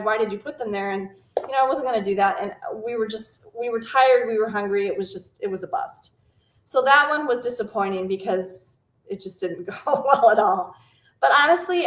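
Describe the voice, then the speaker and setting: Middle-aged female travel host, rambling and conversational, slightly high voice, roomy echo. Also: fairly bright tone. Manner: chatty, rambling storyteller. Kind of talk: casual live Q&A chat. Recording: echoey room.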